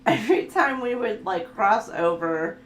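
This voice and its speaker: A woman's voice: mid-range voice, expressive, slow, slight background noise. A woman tarot reader in casual chat, laughing often and telling stories with animation. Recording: echoey room.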